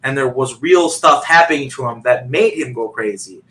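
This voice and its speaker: A man's voice: medium pitch, normal speed, a bit bright, poor audio. A man on a video call telling a long personal story in a rambling way, full of fillers and restarts. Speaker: guest.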